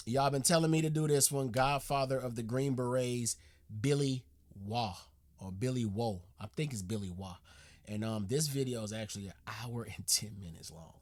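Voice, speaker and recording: A man hosting a reaction video, talking casually in slang, rambling with restarts and breaking into loud, profane outbursts. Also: medium pitch. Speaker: reaction channel host.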